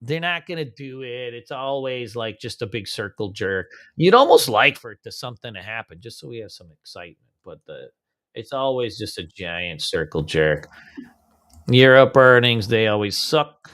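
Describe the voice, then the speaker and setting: A man's voice: medium pitch, animated, normal speed, a bit bright. A man hosting a live pre-market trading stream, casual and slangy, humming filler beats as he scrolls through charts.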